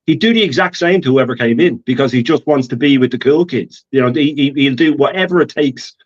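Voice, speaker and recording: A man's voice: medium pitch, fairly quick, muffled recording. A man calling into a live fan show, ranting with scorn and repeating himself. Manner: scornful, rambling rant. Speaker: guest on a call-in show. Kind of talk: casual call-in chat.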